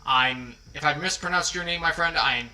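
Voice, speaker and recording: A man's voice: a little high, normal speed, poor audio. A man casually chatting on a livestream as its host, rambling and apologetic, often poking fun at himself. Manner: rambling, apologetic, self-deprecating. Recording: background music under the voice. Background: quiet background music.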